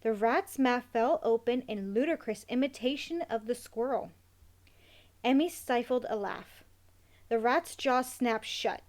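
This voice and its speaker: A woman's voice: fairly high pitch, measured pace, darkish tone. Woman narrating a children's novel.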